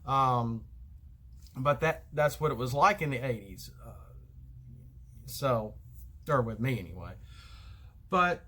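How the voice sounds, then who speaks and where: A man's voice: medium pitch, lively intonation, takes it slowly, pauses often, sharp tone. A middle-aged man with a Southern American accent, rambling through a casual solo vlog monologue and often losing his thread. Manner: rambling, loses his thread, many fillers. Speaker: card game vlogger.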